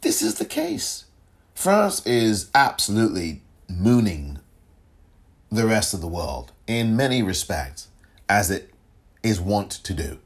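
A man's voice: lowish voice, sing-song, slow, husky. A man hosting a solo podcast, talking casually and rambling, often chuckling and correcting himself. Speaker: podcast host.

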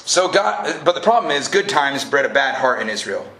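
A man preaching a lively, casual sermon to a college group, joking and then rising to emphatic peaks. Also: medium pitch, moderate pace. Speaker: pastor. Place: college event hall. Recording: live room echo, faint noise.

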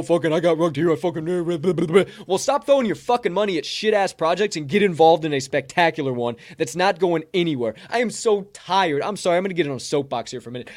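A man's voice: a little high, darkish tone. Hyped, swearing male streamer. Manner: hyped, swearing, preachy soapbox. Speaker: NFT content creator. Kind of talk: casual livestream promo rant.

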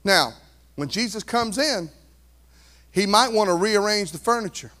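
Brief: energetic male pastor, high voice, dramatic swings between hush and shout. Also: measured pace. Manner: animated, swings from quiet to near shouting, conversational asides. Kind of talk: sermon.

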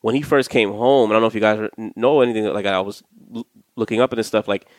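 A man co-hosting a casual podcast, telling stories in a rapid, animated way. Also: on the low side, no room sound. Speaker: podcast co-host.

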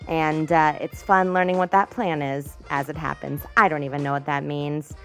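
A woman's voice: deep voice, flat delivery, normal speed, soft background music. A young woman hosting a comedy podcast, rambling and self-mocking in a bubbly way. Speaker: podcast host. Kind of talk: comedy podcast monologue and sketch.

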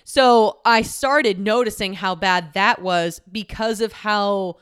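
A young adult woman hosting her own podcast, talking casually about personal mishaps. Her voice is smooth and clear, at an ordinary pitch for a woman. She tells her stories in an animated way, laughing often and dropping the odd curse. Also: slow. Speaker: podcast host. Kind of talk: candid personal storytelling.

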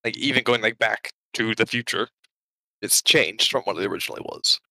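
A man's voice: on the low side, brisk, vocal fry, pushed and bright, no echo, poor audio. A man co-hosting a podcast, chatting casually and rambling with lots of fillers, running short of breath. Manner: rambling, hesitant, many fillers. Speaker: podcast co-host. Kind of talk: casual chat.

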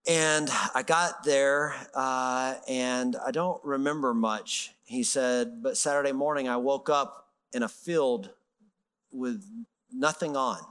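A man's voice: medium pitch, slow, clean tone, long reverb tail. A middle-aged man preaching in a conversational, storytelling way, acting out the voices of people in his stories. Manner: animated, conversational, acts out quoted voices. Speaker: pastor. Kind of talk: sermon storytelling.

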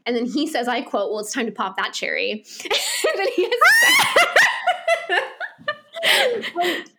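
A woman with a fairly high voice co-hosts a casual podcast, retelling scenes from a book and acting out the characters' lines. She talks loosely and laughs often. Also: wildly swooping pitch, unhurried, pushed and bright. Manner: recaps scenes with quoted dialogue, laughs often. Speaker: podcast co-host. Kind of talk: casual book-club chat.

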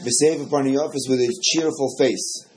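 Male Torah teacher, animated, repeats himself mid-thought, faint noise. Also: mid-range voice, normal speed. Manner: animated, repeats words while explaining. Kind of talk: Torah study lesson.

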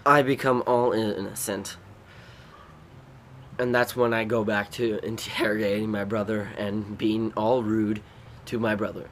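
A man hosting a podcast, telling rambling, animated stories about his family. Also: lowish voice, normal speed, slight background noise. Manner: rambling, animated, bursts into loud acted shrieks. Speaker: podcast host. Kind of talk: casual storytelling.

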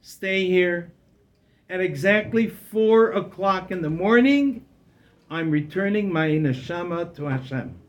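Storyteller doing a frail old man, calm and certain, speaking low and soft; fairly high voice for a man. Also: takes it slowly, dull audio. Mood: quiet pleading.

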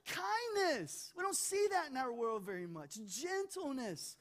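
Male pastor, sermon delivery, animated, joking asides, repeats words for build. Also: very high voice, a little slow.

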